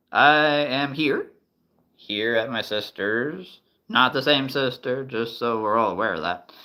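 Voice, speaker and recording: Male livestream host, relaxed rambling talk with frequent chuckles, bright voice, unhurried. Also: lowish voice. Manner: rambling, chuckling between remarks. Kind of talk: casual live-stream chat. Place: at a relative's house.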